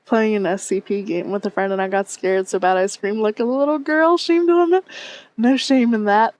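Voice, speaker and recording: A woman's voice: mid-range voice, normal speed, darkish tone, no room sound. A woman streamer chatting casually with her viewers on a headset mic, reading and answering chat and laughing often.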